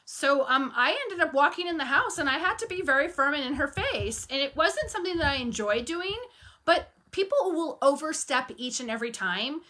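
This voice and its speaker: A woman's voice: high voice, moderate pace. A woman coaching on running a cleaning business, telling stories frankly and firmly, acting out bits of dialogue. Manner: animated storytelling, acting out dialogue; firm and frank. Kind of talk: casual talk to camera.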